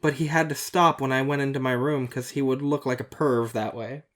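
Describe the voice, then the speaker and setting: A man's voice: medium pitch, steady tone, a little fast. A man co-hosting a podcast, making dry joking asides and reading fan fiction aloud, stumbling over its misspellings. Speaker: podcast co-host.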